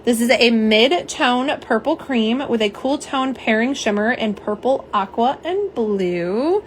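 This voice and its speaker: A woman's voice: on the high side, expressive, a little slow, slight background noise. A young woman hosting a casual live stream, chatting and reading viewer comments aloud. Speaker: livestream host. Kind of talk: live unboxing and swatch stream.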